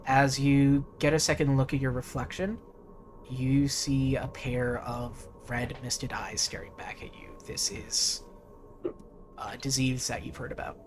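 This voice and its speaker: A man narrating as game master, unhurried and dropping in frequent fillers. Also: mid-range voice, flat delivery, soft background music.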